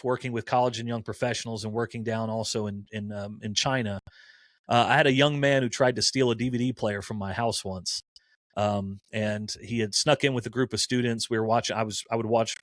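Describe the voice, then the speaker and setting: With a mid-range voice, a man in his forties who works as a campus minister tells stories in casual conversation, animatedly performing the dialogue he quotes. There's no room sound, just clean studio audio.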